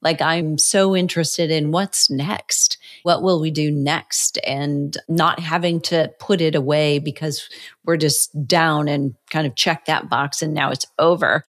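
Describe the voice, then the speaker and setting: Woman in her fifties, fitness educator guest, low voice, earnest. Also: steady tone, a little slow. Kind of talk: interview conversation.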